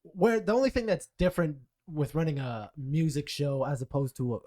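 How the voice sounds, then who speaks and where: A man hosting a podcast, speaking in a halting, filler-heavy way during a casual conversation. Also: a little high, dark tone. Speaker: podcast host.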